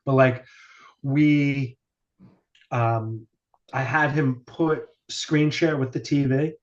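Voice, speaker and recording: A man's voice: medium pitch, steady tone, takes it slowly. A man chatting casually on a podcast, rambling through stories with lots of fillers and the odd swear word. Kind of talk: casual chat. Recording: dull lo-fi sound.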